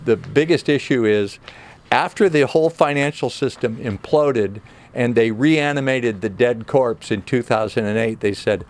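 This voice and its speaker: A man with a mid-pitched voice talks in a sarcastic, skeptical way. He explains things in plain terms and reads aloud from a financial news article. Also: measured pace. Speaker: remote viewing group member. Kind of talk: explanatory commentary reading from an article.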